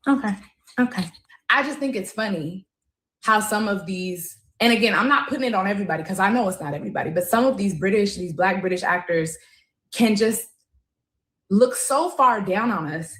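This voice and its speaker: An emphatic woman commentator makes her case with drawn-out, stressed words. Her voice sits at an ordinary pitch and rings a little in an echoey room. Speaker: co-host. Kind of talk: opinionated commentary.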